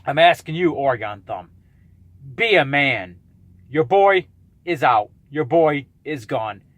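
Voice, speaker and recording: A man in his thirties with a fairly high voice, ranting bluntly on his vlog. He sounds combative and swears freely. The recording is dry and close, with no room sound. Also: expressive, slow pace, a bit bright, no room sound. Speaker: YouTuber calling out a rival.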